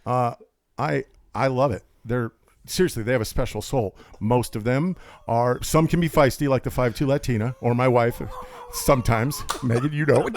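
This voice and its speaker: A man, the guest on a podcast, telling rambling stories with lots of energy and jokes. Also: moderate pace. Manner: high-energy, talkative, jokey, does voices for quotes. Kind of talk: rambling storytelling chat.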